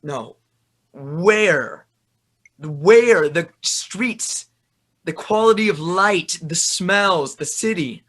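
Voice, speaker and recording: A man plays a vain young actor in a stage play who keeps defending himself and bragging about his accents. His voice sits high and bright. He rambles and circles back on his point. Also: animated, very slow, exaggerated voice. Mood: defensive. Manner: defensive, boastful, meandering. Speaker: actor in a rehearsal scene.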